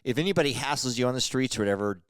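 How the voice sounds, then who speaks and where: Fast-talking man with a crisp, dry voice. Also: mid-range voice, expressive, no room sound. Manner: rambling, self-interrupting storyteller. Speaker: podcast co-host. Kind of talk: casual chat.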